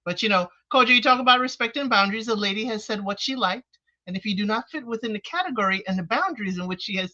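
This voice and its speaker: A wry woman on a casual panel who hands out advice with a knowing tone. Her voice is bright, but the recording is dull and lo-fi. She talks in an unhurried way. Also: medium pitch. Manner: wry, advising. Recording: dull lo-fi audio.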